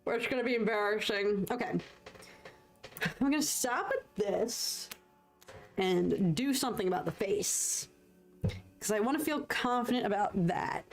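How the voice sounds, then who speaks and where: A woman's voice: medium pitch, lively intonation, unhurried, long pauses, faint music behind. Chatty woman streaming while painting. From United States. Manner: chatty, laughs often, thanks chat viewers. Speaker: livestreaming artist. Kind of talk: casual chat while painting.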